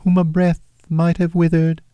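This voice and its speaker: A man voicing a gentle, otherworldly ghost of Christmas past in a storybook reading, speaking softly and deliberately. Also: on the high side, monotone, clear, resonant tone, no room sound, dull audio, pitched above the performer's own voice, lightly acted. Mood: wistful. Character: high, delicate ghost of the past.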